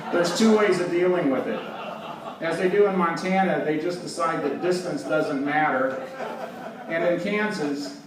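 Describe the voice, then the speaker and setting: A man giving a stage talk, telling wry anecdotes with frequent laughs. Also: a little high. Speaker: presenter. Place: live event hall with audience. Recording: roomy, distant, with background noise.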